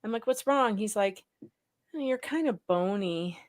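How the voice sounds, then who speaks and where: A woman in her thirties chats on a live talk show, keeping her pitch in a plain middle range. She tells anecdotes in an animated way and acts out every line of dialogue. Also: a little slow. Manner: animated storyteller, acts out quotes. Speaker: co-host. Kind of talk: casual chat.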